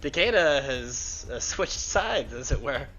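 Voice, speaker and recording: A man's voice: medium pitch, very animated, unhurried, bright, forceful tone, muffled recording, faint music behind. A man in casual chat on a tabletop gaming stream, laughing, rambling and swearing casually. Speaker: co-game master and player.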